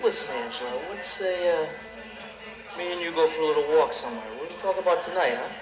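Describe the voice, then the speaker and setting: A man's voice: a little high, lively intonation, fast talker, reverberant, lightly acted. An actor playing a mocking young male camper bully with a thick New York accent. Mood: taunting. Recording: dull film audio with music behind.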